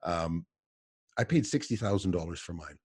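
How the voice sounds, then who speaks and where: A man's voice: low-pitched, lively intonation, normal speed, breathy edge, no echo, clean studio sound. A man, a trapper guest on a podcast, telling rambling stories from his office and chuckling often. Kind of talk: casual podcast chat.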